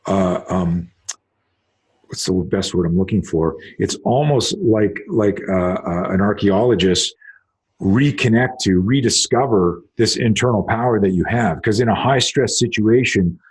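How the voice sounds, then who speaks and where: Guy w a husky lowish voice, self-defense teacher rambling thru his method, lots of restarts. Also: a little mellow. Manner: rambling, explanatory, frequent restarts. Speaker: host, self-defense instructor. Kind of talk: casual conversation.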